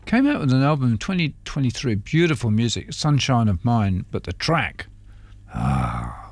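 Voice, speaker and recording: A man co-hosting a community radio show with playful banter and jokey asides, with a gravelly voice. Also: medium pitch, very animated, moderate pace, dry recording. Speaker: radio co-host.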